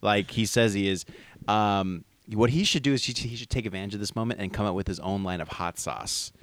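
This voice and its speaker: A man co-hosting a casual chat, laid-back and musing, with plenty of drawn-out fillers as he thinks aloud. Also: fairly low pitch, a bit bright, no echo.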